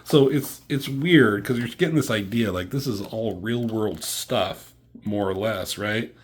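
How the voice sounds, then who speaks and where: A man's voice: fairly low pitch, a little slow, husky. A young man casually reviewing a comic, rambling, laughing and acting out the characters' lines in voices. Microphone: camera mic.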